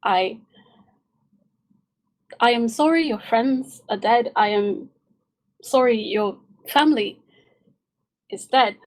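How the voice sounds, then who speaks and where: A weary adventurer, played by a woman with a high, unhurried voice. The speech stammers and restarts, searching for words. A live tabletop game. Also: low-quality recording. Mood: awkward. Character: weary adventurer awkwardly offering condolences. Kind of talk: live-streamed tabletop role-play.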